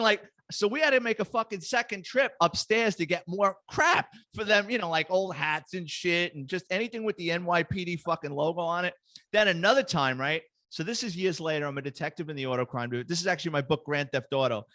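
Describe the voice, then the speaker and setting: A middle-aged man, a retired police detective, telling lively, profane anecdotes as a guest in a casual chat. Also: on the high side, no room sound.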